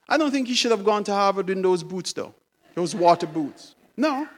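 A woman's voice: mid-range voice, animated, moderate pace. A woman preacher telling a story in an emphatic, dramatic sermon style.

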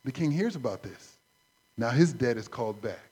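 A man preaching a sermon, conversational and animated, acting out stories. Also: medium pitch, normal speed, slightly rough. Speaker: pastor.

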